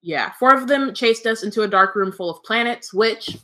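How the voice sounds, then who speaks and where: A woman's voice: on the high side, moderate pace, sharp tone. A woman co-hosting a book podcast, reading passages aloud between casual, joking chat peppered with swearing and laughter. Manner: laughs often, swears, many "um" fillers. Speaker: podcast co-host reading the chapter.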